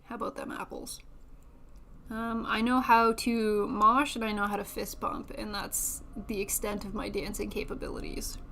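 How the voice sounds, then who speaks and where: A woman's voice: medium pitch, little pitch movement, normal speed, vocal fry, fairly bright tone, slight background noise. A young woman streamer chatting casually and self-deprecatingly while building a model kit, laughing often.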